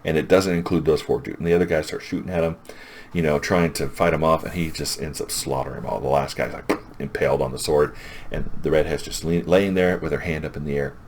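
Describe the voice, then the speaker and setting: Super deep guy recapping a comic, rambly and hyped, little bit of hiss. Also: steady tone, quick pace. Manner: rambling, enthusiastic plot recap. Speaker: comic book reviewer. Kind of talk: casual retelling.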